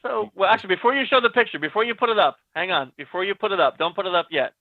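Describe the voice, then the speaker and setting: A man with a high, bright voice recounts a story with excited energy and acts out each bit of dialogue. The audio is dry and tinny, like a phone line on a video call. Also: very fast, no echo. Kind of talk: animated storytelling.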